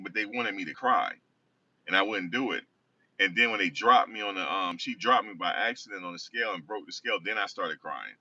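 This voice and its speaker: A man's voice: lowish voice, a little fast, pushed and bright. A man casually telling a rambling personal story, often correcting himself. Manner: rambling, self-correcting, conversational. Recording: distant dull lo-fi recording.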